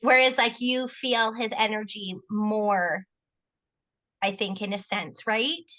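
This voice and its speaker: A woman's voice: medium pitch, steady tone, takes it slowly, pushed and bright. A woman chatting casually and telling stories, peppering her talk with "like" and "right?". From Canada. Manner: chatty, storytelling, frequent 'like' and 'right?'. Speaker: co-host asking questions. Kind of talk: casual conversation.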